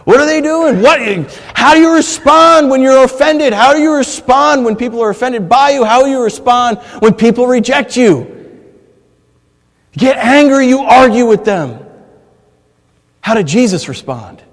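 A man preaching a sermon as pastor, swinging between loud impassioned stretches and quiet hushed ones, with stammered restarts. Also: very high voice, lively intonation, moderate pace. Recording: long reverb of a large hall.

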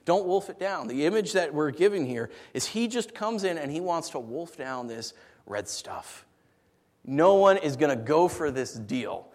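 In a large hall with long reverb, this preacher's voice sits on the high side at a measured pace. His sermon stories are playful and animated, marked by wide vocal swings.

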